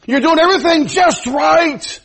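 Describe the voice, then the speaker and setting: A man preaching a sermon, swinging between loud fervent exhortation and hushed, low pleading. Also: unhurried. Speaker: pastor.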